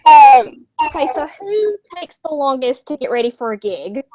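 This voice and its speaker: High-voiced woman hosting an interview. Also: sing-song, moderate pace, mellow. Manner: friendly, giggly, self-deprecating. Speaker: host. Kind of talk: casual interview.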